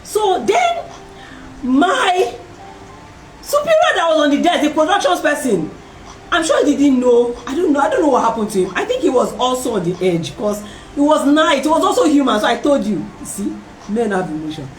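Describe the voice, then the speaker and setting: A woman hosting a talk, telling a personal story in a lively way and acting out the voices of other people. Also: sits high, normal speed, slight background noise. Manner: animated, acts out voices in her story, laughs often. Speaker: host. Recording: roomy and distant from the mic.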